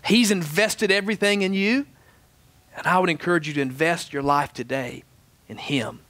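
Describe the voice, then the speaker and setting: A man preaching a sermon as pastor, animated in his stories and dropping soft and low for prayer. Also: moderate pace, dry recording. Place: church sanctuary.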